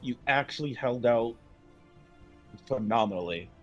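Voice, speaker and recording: A man's voice: medium pitch, unhurried, lo-fi sound, faint music behind. A man playing a character in a tabletop game, brash and joking, swearing casually. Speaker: player. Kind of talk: in-character tabletop role-play.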